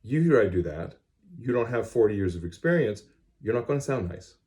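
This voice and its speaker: A man's voice: on the low side, very animated, brisk, darkish tone. A middle-aged man teaching a music class to students, recorded on a cell phone, speaking plainly and directly. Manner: plain-spoken, direct and instructive. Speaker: band teacher.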